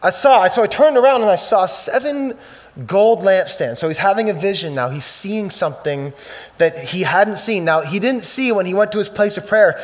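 A male pastor preaching a sermon, swinging from loud emphatic bursts to quiet, slow scripture reading. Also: high voice, lively intonation.

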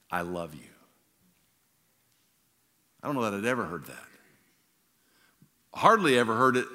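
A pastor in his sixties preaches with a bright, forceful voice that carries a long reverb through a large hall. He tells stories, at times loud and then dropping to a near hush. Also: medium pitch. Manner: storytelling, swings from loud to hushed. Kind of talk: sermon.

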